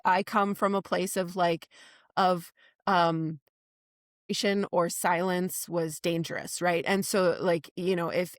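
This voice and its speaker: A middle-aged woman with a somewhat low voice hosts a podcast in a chatty, rambling manner, full of ums and self-corrections. She sits close to the mic in a dry, dead-sounding space. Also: dry recording. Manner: chatty, rambling with many fillers and restarts. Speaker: podcast host. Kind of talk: casual interview chat.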